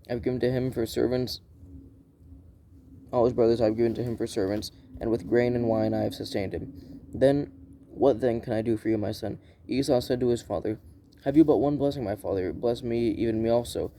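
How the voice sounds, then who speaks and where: Gravelly dark-voiced man reading scripture. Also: mid-range voice, a little hiss or hum. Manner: plain unhurried reading with frequent restarts and self-corrections. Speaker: Bible reader.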